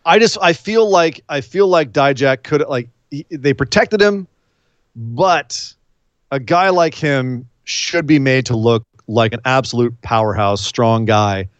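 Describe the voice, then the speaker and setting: A man co-hosting a casual wrestling recap, rambling and animated, often acting out what the wrestlers said. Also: mid-range voice, measured pace, no room sound, lo-fi sound. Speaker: wrestling podcast co-host.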